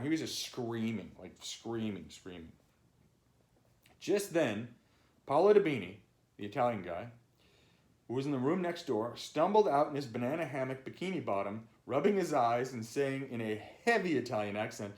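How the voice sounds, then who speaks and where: A man's voice: mid-range voice, lively intonation, normal speed, darkish tone, reverberant. A man reading his own memoir aloud, loose and conversational, with casual asides. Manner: loose, conversational, swears and laughs.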